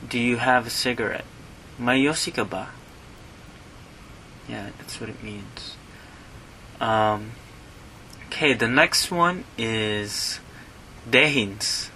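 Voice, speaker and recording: A man teaching slang words slowly, repeating each word and example phrase with frequent fillers. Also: mid-range voice, sharp tone, slight background noise, poor audio. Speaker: language teacher.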